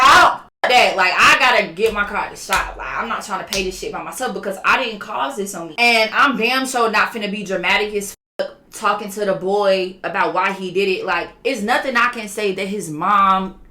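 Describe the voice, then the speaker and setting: Bright-voiced woman telling a slangy story. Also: medium pitch, moderate pace, reverberant. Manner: animated, slangy, swears freely. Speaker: vlogger telling a story time. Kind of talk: casual storytelling to camera.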